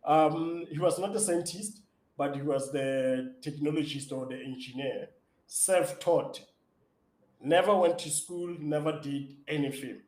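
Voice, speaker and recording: A man's voice: a little high, unhurried, reverberant, low-quality recording. A man, a startup founder, answering interview questions eagerly with lots of fillers and restarts. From South Africa. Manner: eager, excitable storyteller with many fillers and restarts.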